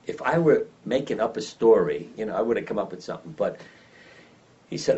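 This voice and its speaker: An older man telling lively anecdotes as an interview guest, acting out the voices of the people in his stories. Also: lowish voice, fairly quick. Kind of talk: storytelling in an interview. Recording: dull lo-fi sound from some distance.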